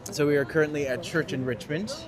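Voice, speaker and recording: A tour guide and streamer host runs a walking-tour livestream through city streets, chatting and joking in lively banter. His voice is a little high and he talks fast.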